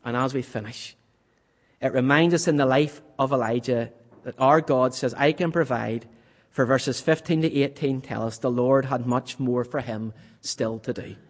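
A man preaching a sermon in a church, swinging from loud, vivid passages to hushed, almost whispered questions. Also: medium pitch, moderate pace, in a large hall.

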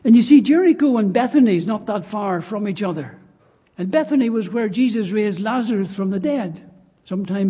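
A man's voice: very high voice, mellow, slightly rough. A man preaching a sermon in church, emphatic and repeating his key phrases. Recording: long reverb of a church hall.

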